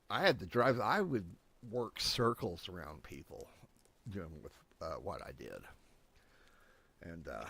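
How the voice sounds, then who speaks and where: A man's voice: lowish voice, fairly bright tone. A man hosting a casual talk show, laid-back and blunt, with a joking streak. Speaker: host. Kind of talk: casual chat.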